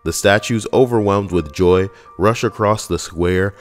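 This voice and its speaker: A deadpan, sardonic man reads jokes aloud in a casual comic style and swears now and then. His voice sits very low, with faint music under it. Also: a little slow. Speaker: comedy YouTuber reading jokes. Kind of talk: casual comic joke reading.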